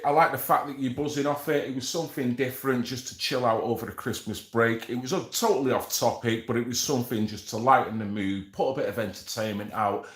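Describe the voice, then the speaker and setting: In an echoey room, a man hosting a live stream reads an article aloud, drifting into relaxed, rambling commentary full of slang. His voice is mid-range with a bit of brightness.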